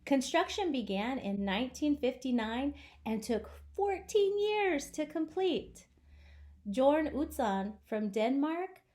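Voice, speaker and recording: A young American woman hosts a travel vlog, delivering playful, jokey scripted narration full of theatrical asides. Her voice sits high with a darkish tone.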